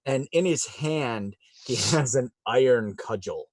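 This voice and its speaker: Slow, rambling male game master. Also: medium pitch, no echo, studio quality. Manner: rambling, with many fillers, laughing often. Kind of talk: narrating a tabletop game.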